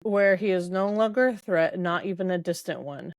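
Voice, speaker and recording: A woman's voice: on the low side, moderate pace, dry recording, lightly acted. A woman reading the lines of a devoted young male fantasy hero in an earnest, tender way.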